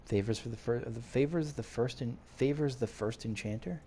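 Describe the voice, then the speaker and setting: Gravelly man chatting through a game. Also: medium pitch, normal speed, warm tone, a little hiss or hum. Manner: chatty, thinks aloud, reads in-game notes. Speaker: game streamer. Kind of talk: casual let's-play commentary.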